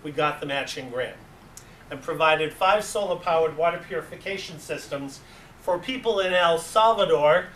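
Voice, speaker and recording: A club advisor with a New England accent gives an animated storytelling presentation to a meeting, acting out voices in his anecdotes. His voice is on the high side at normal speed. The room is echoey, the mic distant, with faint hiss.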